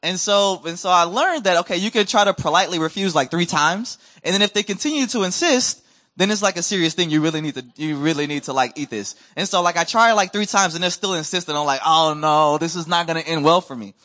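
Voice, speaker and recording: A man preaching a sermon as a missionary, telling stories in a lively conversational way and acting out what others said. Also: high voice, fast talker. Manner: animated, acts out quoted voices, conversational. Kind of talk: storytelling sermon. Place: church.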